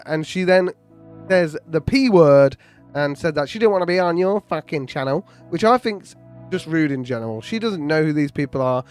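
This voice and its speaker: A man's voice: a little high, clear, resonant tone. British man commenting casually over music. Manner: casual, opinionated, laughs along. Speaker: commentary host. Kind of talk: reaction commentary.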